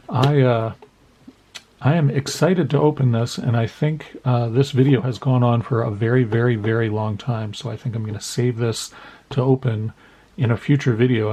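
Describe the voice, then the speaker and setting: A man's voice: mid-range voice, warm tone, slightly rough. A man casually opening a mail-day package of trading cards, reading off player names one by one and making playful asides to the cards. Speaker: card collecting YouTuber.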